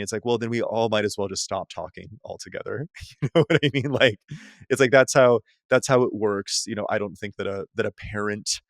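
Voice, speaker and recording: A man, a psychotherapist, talking loosely in a podcast conversation, full of "like" and restarts and quick to laugh. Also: lowish voice, vocal fry, no room sound, studio quality. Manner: loose and rambling, heavy use of "like" and restarts, laughs easily. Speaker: psychotherapist guest.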